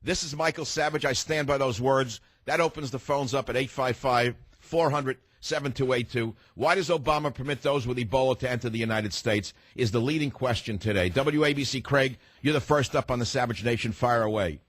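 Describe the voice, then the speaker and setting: A man's voice: medium pitch, brisk, few pauses, no echo. A man hosting a talk radio show, delivering a combative, emphatic monologue and cutting off callers from his studio.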